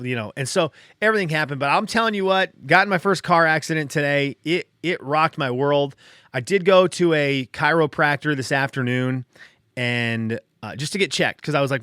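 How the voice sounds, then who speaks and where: A man's voice: on the high side, moderate pace, sharp tone, smooth, no room sound, studio quality. A middle-aged man hosting his own podcast, telling a personal story in a casual, rambling way, still shaken and a little dazed. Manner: rambling, restarting, heavy on "like". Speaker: podcast host.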